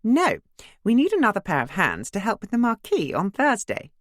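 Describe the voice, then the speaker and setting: A woman's voice: mid-range voice, huge pitch swings, moderate pace, dry recording, studio quality, voice pushed up. A woman doing a posh, tactful neighbour. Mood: polite. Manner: cut-glass, bright and breezy.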